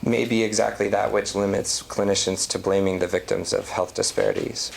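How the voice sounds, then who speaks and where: A man giving an academic lecture, reading a prepared talk at a measured pace. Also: on the low side, level tone, creaky, a little hiss or hum. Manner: reads prepared text, measured.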